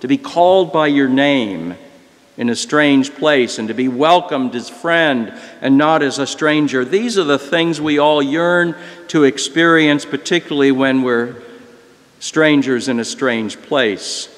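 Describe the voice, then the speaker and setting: An older male priest preaching from a church, his storytelling slow and unhurried. His mid-range voice rings out with long reverb in the church. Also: medium pitch. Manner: slow, reflective and gentle. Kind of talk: sermon storytelling.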